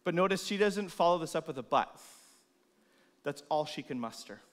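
Male pastor, slightly higher voice, sermon delivery, shifts from loud to hushed. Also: moderate pace. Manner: expressive, swings from loud emphasis to soft, hushed delivery. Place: church.

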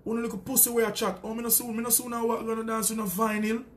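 A man's voice: very high voice, flat delivery, rapid-fire, fairly bright tone, a little hiss or hum. A Jamaican man, a sound system selector, delivering a heated, boastful and taunting callout full of profanity.

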